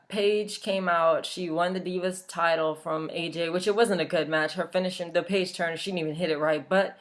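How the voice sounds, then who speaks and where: Young louisiana girl w ranting bout stuff, blunt, cusses a lot, lowish voice. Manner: blunt, opinionated, swears casually. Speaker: vlogger. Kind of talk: casual chat.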